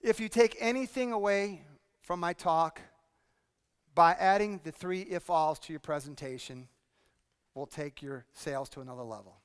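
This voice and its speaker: A man presenting a workshop to a live audience, energetic and drilling the room with repeated questions. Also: on the high side, moderate pace, clean tone. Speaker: speaking coach presenting a workshop. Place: conference hall with audience. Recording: long hall reverb.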